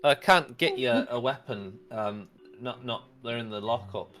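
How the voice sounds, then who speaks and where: A man's voice: mid-range voice, unhurried, a bit bright, soft background music. A man narrating and ruling as game master in a casual, laughing way.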